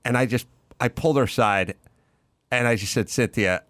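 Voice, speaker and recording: A middle-aged man hosting a casual chat, an animated storyteller who loudly imitates other people. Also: mid-range voice, normal speed, pauses often, dry recording. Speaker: podcast host.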